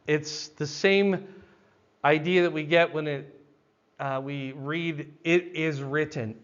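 An older man teaching a Bible passage verse by verse, with a loud, emphatic, explanatory delivery. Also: a little high, muffled recording.

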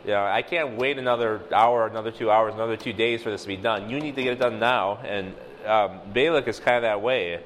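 A man's voice: on the low side, quick pace, hardly any pauses, fairly bright tone, in a large hall, slight background noise, rough recording. A man teaching a casual sermon, talking through a passage with many fillers and acting out quoted dialogue. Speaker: lay preacher.

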